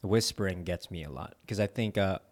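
Low-voiced man rambling with slang. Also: a little fast. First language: not English. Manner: loose, rambling, laughs often, heavy filler and slang. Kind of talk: casual chat while eating.

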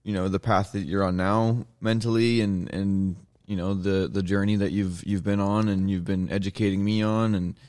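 A man's voice: low voice, flat delivery, moderate pace, hardly any pauses, darkish tone, clean tone, no echo, studio quality. A man hosting a casual interview chat, asking long hesitant questions. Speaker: podcast host.

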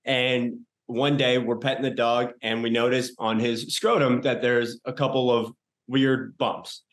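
A man's voice: medium pitch, little pitch movement, a little slow. A man in his thirties hosting a podcast, talking loosely with lots of fillers and casual swearing. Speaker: podcast host. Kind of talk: casual chat.

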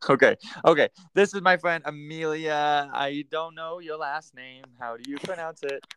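A man's voice: a little high, normal speed, a bit bright, smooth, no room sound. A man hosting a casual podcast chat, joking and laughing often. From United States. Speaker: podcast host.

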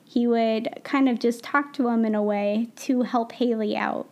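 A woman's voice: on the high side, fairly even intonation, a little slow, dark tone, muffled recording. A woman co-hosting a casual podcast, talking about a film in an enthusiastic, chatty way. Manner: enthusiastic, chatty, laughs often. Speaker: podcast co-host.

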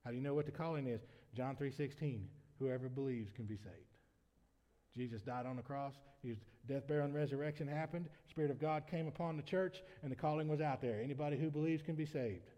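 A man preaching a sermon as pastor, shifting between quiet conversational asides and loud, emphatic preaching. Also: medium pitch, brisk. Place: church sanctuary. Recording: long reverb of a church hall.

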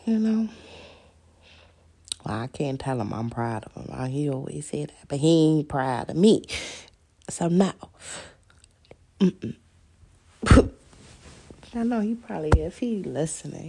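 A woman's voice: lowish voice, animated, unhurried, vocal fry, long pauses, dark tone, slightly rough. A woman hosting a podcast, rambling through a personal story in a candid, profane, casual monologue and laughing often. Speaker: podcast host.

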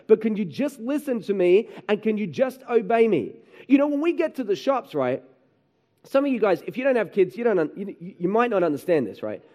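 A man preaching a sermon, telling animated stories about his children and often asking the room "right?". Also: sits high. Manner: animated storytelling, acts out his kids and himself, frequent "right?". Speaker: pastor.

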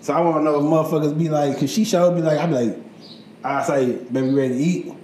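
A man co-hosting a podcast, joking animatedly with lots of profanity and quick bursts of talk. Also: fairly high pitch, darkish tone, echoey room, a little hiss or hum, poor audio. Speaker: podcast co-host. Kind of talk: casual chat.

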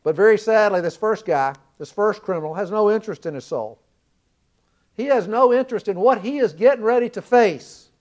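High-voiced earnest Southern preacher. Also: male voice, animated, fairly quick, muffled recording. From American South. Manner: earnest, storytelling, rising to loud emphasis. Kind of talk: sermon.

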